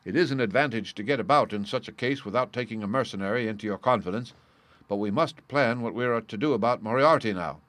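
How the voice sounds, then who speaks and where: A man reading as a crisp, commanding detective. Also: medium pitch, fast, fairly bright tone, dry recording, close to an everyday voice. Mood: explaining. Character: brisk, sharp-witted male detective, calm and commanding. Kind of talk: audiobook character reading.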